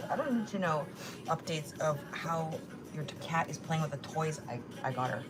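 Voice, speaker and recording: A woman's voice: sits low, animated, normal speed, background noise. A woman hosting a casual livestream, reading chat comments aloud and mocking them with plenty of swearing. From Korea. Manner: sassy, mocking, swears a lot. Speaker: livestream host.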